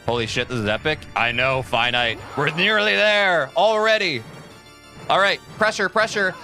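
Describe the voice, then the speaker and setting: With faint music behind him, a young speedrunner on a live stream talks casually to his audience while playing, responding to messages and cursing without restraint. His voice is a little high, bright and forceful, at a normal speed.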